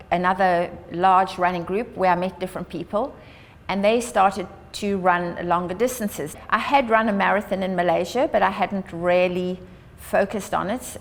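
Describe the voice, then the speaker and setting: A woman from Africa, giving an earnest, upbeat public address as an Australia Day ambassador. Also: fairly low pitch. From South Africa. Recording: long hall reverb.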